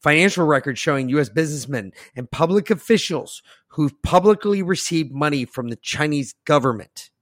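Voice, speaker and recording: A man hosting a podcast, reading an article aloud and ranting in a boastful, profane way that swings from muttering to loud outbursts. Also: a little high, animated, normal speed, few pauses, no echo, studio quality. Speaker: podcast host.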